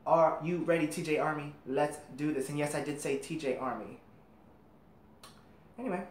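A woman hosting a casual album reaction, chatty and excitable, talking straight to her viewers from home. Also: sits low, moderate pace. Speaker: reaction video host. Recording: roomy with faint music behind.

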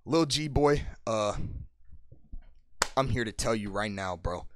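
A young man streaming as he rates viewers' songs, swinging from hyped yelling to low mock-serious muttering. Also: animated, slow pace, music in the background. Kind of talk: loud reaction commentary.

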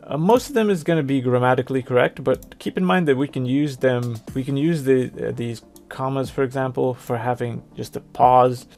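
A man presenting a software tutorial, talking through each step on screen in a plain explanatory way. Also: medium pitch, normal speed, gravelly, few pauses, soft background music. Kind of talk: screen-recorded software walkthrough.

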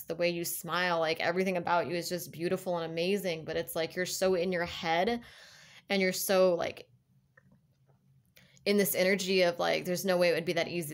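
A young woman giving a casual tarot reading, rambling along with lots of fillers and restarts. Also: lowish voice. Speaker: tarot reader.

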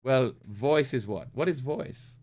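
A man's voice: medium pitch, slow, a little mellow. A man pastor preaching a sermon, reading scripture aloud and asking the listeners rhetorical questions.

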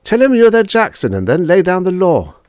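A man's voice: mid-range voice, very animated, normal speed, no echo, studio quality, pitched above the performer's own voice, lightly acted. A man voicing an impatient, contemptuous young spaceman who talks bluntly. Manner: blunt, scornful, shouting.

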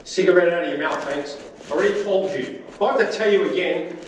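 A male security guard with a high voice, barking short, curt orders over and over at a quick clip. He is picked up by a phone in an echoey bank lobby, with loud background noise. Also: distant mic. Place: bank branch lobby, indoors.

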